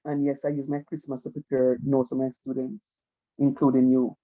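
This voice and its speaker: A man's voice: mid-range voice, level tone, normal speed, phone-quality sound. A man, teaching math in an online class, repeating himself and coaxing students to watch. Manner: repetitive, coaxing, keeps saying "watch me".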